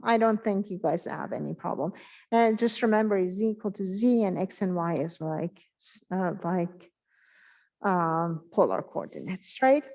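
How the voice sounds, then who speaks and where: A woman giving a math exam review in an online class, talking in a halting way and thinking aloud with many pauses and fillers. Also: fairly low pitch, animated, creaky, a little mellow, rough recording. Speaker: math instructor.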